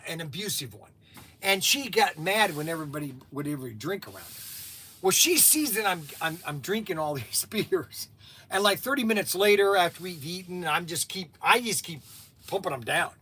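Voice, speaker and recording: High, bright-voiced man telling rambling stories. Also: no echo. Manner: rambling, repeats and restarts, laughs at his own stories. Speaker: store host on a livestream. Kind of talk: casual storytelling.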